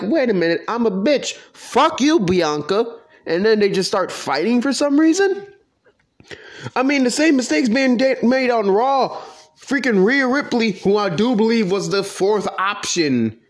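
Young male ranter, somewhat high voice, blunt and profane, heated opinions. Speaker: wrestling commentator. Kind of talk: opinionated casual rant.

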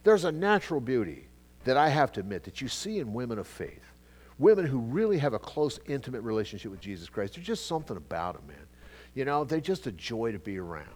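Animated conversational man preaching. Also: quick pace. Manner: conversational preaching with frequent asides and repetitions; animated, swings between loud emphatic bursts and quiet low asides. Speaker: pastor. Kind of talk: sermon, Bible teaching.

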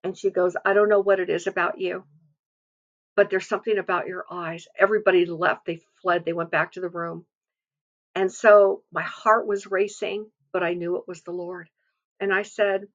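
A woman's voice: lowish voice, little pitch movement, normal speed, lo-fi sound. A woman giving an earnest devotional testimony, telling a story and quoting scripture. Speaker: devotional speaker.

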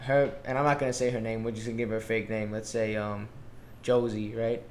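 A young man, a teacher, telling a story in casual chat, animated and slangy with lots of swearing. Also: fairly low pitch, a little fast, echoey room, slight background noise.

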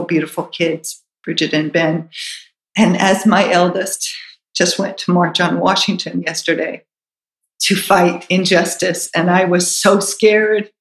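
A woman's voice: on the low side, reverberant, low-quality recording. A middle-aged woman telling a personal story in a reflective, earnest way, with hesitant restarts.

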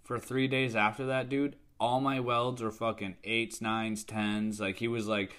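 A man's voice: on the low side, measured pace, smooth. A man co-hosting a casual podcast chat, jumping in bluntly with profane comments on a shared story. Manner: blunt, profane and animated when chiming in. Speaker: podcast co-host.

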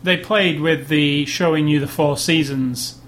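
A man with a somewhat high voice talks over a film in casual chat, rambling and often starting his sentences again. A faint background hiss runs under his voice. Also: fairly even intonation, measured pace, fairly bright tone. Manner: thoughtful, rambling, restarts sentences. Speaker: movie review podcast co-host.

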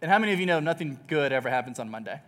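A young man from Texas preaching a sermon, opening with a funny, self-deprecating story in a lively storytelling manner. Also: a little high, very fast.

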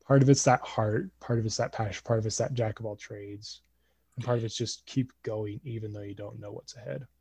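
A man in his twenties telling a family story casually on a podcast, animated and acting out voices. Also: on the low side, a little fast, breathy edge, no room sound. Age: 20s.

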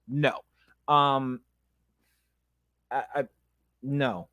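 A podcast host tells a personal story in a raw, candid way. He swings between loud, emphatic bursts and quiet, subdued asides. His voice sits a little high for a man and sounds dry and close. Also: expressive, normal speed, pauses often, no echo.

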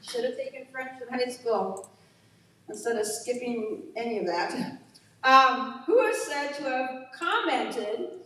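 A woman's voice: a little high, pushed and bright, far from the mic. Chatty woman in an echoey room. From United States. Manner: chatty, self-deprecating, laughs at herself. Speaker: presenter sharing facts. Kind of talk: casual chat.

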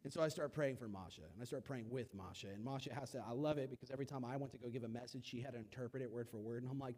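A young man preaching a casual sermon, telling stories with animated, acted-out quotes and big swings in loudness. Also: mid-range voice, rapid-fire, few pauses, breathy edge.

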